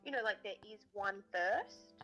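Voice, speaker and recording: A middle-aged mum with a bright, forward voice, trading dry sarcastic jabs with her sister in casual chat. Faint music plays underneath. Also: mid-range voice, measured pace, highs cut off. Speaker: guest sister.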